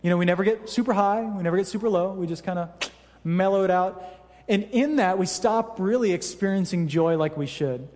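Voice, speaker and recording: A man's voice: sits high, fairly quick, darkish tone. A man in his thirties preaching a sermon to a church congregation, telling stories in a conversational, self-deprecating way with lots of fillers. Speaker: pastor. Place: church hall. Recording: reverberant church hall.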